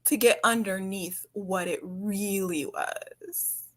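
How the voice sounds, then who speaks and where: A woman co-hosting a relaxed chat show. She is candid and frank, and swears now and then. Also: medium pitch, slow pace. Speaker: podcast co-host. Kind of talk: casual chat.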